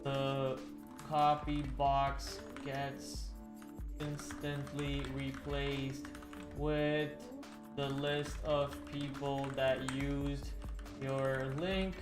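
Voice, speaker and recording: A man hosting a stock trading livestream, chatting casually to his viewers and slowly dictating notes on trades as he types. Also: medium pitch, flat delivery. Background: faint background music.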